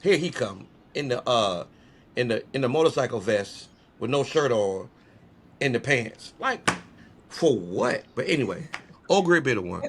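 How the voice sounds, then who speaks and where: Guy on a podcast, rambly and animated, laughs a lot, mid voice. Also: medium pitch, measured pace, a little hiss or hum. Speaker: podcast co-host. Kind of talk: casual wrestling chat.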